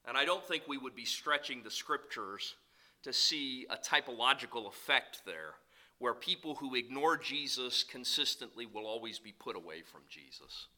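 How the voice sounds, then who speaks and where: A middle-aged man preaching a sermon, telling stories with sudden loud bursts and soft asides. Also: mid-range voice, moderate pace, rough recording. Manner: animated storytelling, swings between loud bursts and soft asides. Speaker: pastor.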